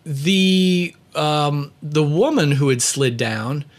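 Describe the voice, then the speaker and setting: A man with a slightly raised pitch, speaking in a loose, conversational monologue about leadership and personality. He tells a story casually, leaning on "you know" fillers and chuckling lightly. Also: lively intonation, slow pace.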